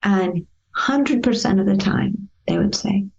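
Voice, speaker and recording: A woman therapist speaking as an interview guest, her voice gravelly with a dark, mellow tone. She tells stories gently and acts out the dialogue as she goes. The audio is dull and somewhat lo-fi. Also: medium pitch, a little slow. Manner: gentle, lively storyteller acting out past dialogue. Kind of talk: interview storytelling.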